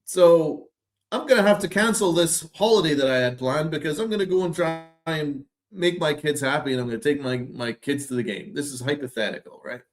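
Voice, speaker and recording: A man's voice: on the high side, brisk. A man hosting a sports podcast, ranting with sarcastic, exasperated, profane commentary. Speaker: podcast host.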